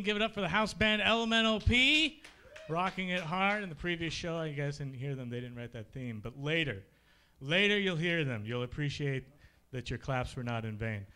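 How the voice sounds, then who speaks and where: High-voiced man hosting stand-up. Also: moderate pace. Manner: animated, shouting mock rants in put-on voices. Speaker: stand-up comedy host. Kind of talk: stand-up comedy. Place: comedy club stage.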